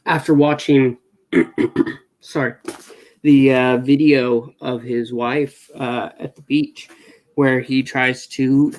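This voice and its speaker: A man's voice: medium pitch, low-quality recording. A man co-hosting a casual TV review chat, hesitant with stammering restarts. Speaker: co-host reviewing a TV show.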